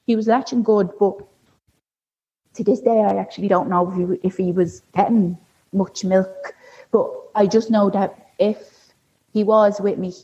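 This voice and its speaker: A woman's voice: medium pitch, steady tone, a little slow, warm tone, husky. A woman guest telling a personal story in a candid, chatty way, leaning on filler words. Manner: chatty, heavy use of "like" fillers. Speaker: podcast guest sharing a birth story. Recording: dull lo-fi recording.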